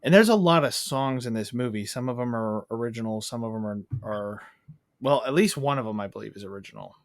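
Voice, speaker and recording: A man in a casual movie review chat, rambling and animated, acting out bits of scenes as he goes. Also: medium pitch, a little fast, no echo, studio quality. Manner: rambling, animated, acts out quotes. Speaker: podcast co-host.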